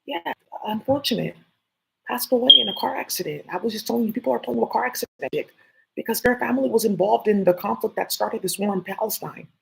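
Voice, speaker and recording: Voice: mid-range voice, fast talker, gravelly, background noise. A vlogger talking in a casual, rambling, conspiratorial monologue full of fillers.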